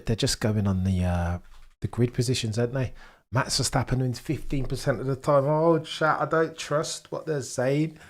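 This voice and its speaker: A young man hosting a live watchalong stream, chatting excitedly with his viewers and bantering as he goes. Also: mid-range voice.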